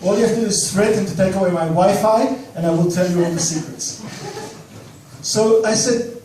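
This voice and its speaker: A man in his thirties from Australia, telling a live story in a self-mocking, lively way. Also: sits high, brisk. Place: cafe stage. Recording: echoey room, distant mic, faint noise.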